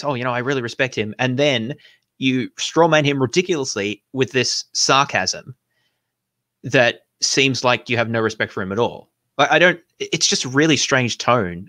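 A man's voice: mid-range voice, a bit bright, dry recording, clean studio sound. A man hosting a video, reacting to clips in casual, rambling commentary full of fillers and restarts. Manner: incredulous, laughing. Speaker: host responding to videos.

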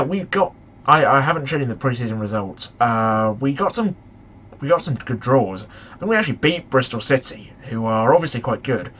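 A young man commentating on a football management game, excitable and shouting at the match in frustration. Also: mid-range voice. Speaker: gaming YouTuber.

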